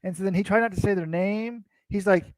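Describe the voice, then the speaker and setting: A man's voice: high-pitched, brisk, dry recording, poor audio. A man co-hosting a casual sports recap, telling stories in a rambling, self-interrupting way. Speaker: co-host.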